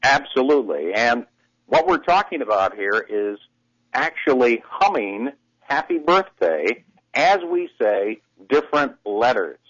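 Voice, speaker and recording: A man speaking as a voice coach in a radio interview, his pitch swinging freely as he explains and demonstrates exercises. His expressive, demonstrative delivery comes through a somewhat muffled radio recording. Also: measured pace. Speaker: voice coach and broadcaster.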